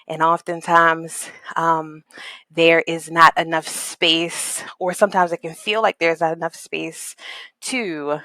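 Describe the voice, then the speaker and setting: Low-pitched and unhurried, this podcast guest, a woman working in equity coaching and consulting, delivers her words in a flat, earnest, reflective way. She searches aloud, leaning heavily on "like" and "um," yet stays warm and spiritual in this conversational interview. The recording is dry and close.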